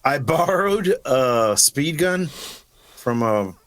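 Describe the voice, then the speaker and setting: A man co-hosting a comedy podcast, telling a funny anecdote slowly with giggles between lines. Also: medium pitch, very animated, fairly bright tone, no room sound. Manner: slow, giggly anecdote teller. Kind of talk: casual comedy chat.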